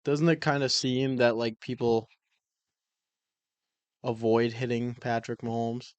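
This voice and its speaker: A man's voice: mid-range voice, slow pace, no room sound. Casual cursing podcast guy, dry mic. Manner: profane, animated when ranting. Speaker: podcast co-host. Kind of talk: casual chat. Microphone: own microphone.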